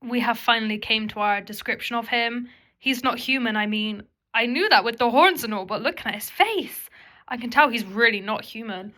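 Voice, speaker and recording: A woman's voice: a little high, moderate pace, pushed and bright. A young woman chatting casually about a book she is reading in her home kitchen, amused and sarcastic. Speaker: book vlogger.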